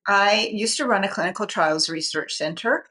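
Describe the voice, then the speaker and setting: Interviewed on a podcast, this woman psychiatrist in her 60s shares her personal story in an earnest, candid way, laughing lightly now and then. She speaks at a medium pitch and moderate pace, with a sharp tone.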